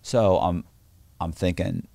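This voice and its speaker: Deep-voiced man telling a story. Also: takes it slowly, creaky, dry recording. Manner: relaxed storyteller, acts out quoted voices; loose, restarting phrases. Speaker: podcast guest. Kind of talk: casual storytelling.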